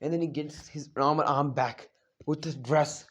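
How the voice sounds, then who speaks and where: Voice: medium pitch, steady tone, moderate pace, a bit bright. A fan storyteller casually narrating an anime what-if plot off the cuff, rambling with many fillers and self-corrections.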